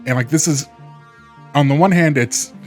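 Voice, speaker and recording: A man's voice: fairly high pitch, normal speed, a little mellow, faint music behind. Chatty man hosting a game stream. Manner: chatty, rambling, many restarts and fillers. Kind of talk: casual let's play commentary.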